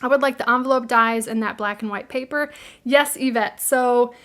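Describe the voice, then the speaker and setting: A woman's voice: a little high, normal speed, a bit bright. A middle-aged woman with a Midwestern American accent hosts a live craft tutorial, chatting in a friendly way, laughing easily and answering viewers' questions.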